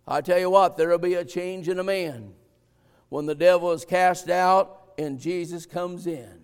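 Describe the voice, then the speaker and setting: A man preaching a sermon as pastor, folksy and conversational, building to fervent shouts. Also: sits high, steady tone, measured pace, smooth, long reverb tail.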